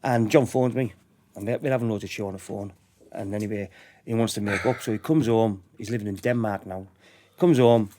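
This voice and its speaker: A man's voice: on the low side, a little fast. Middlesbrough man spinning a yarn. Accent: Middlesbrough English. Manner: lively anecdotal retelling, laughing often. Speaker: podcast guest. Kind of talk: storytelling in a podcast interview.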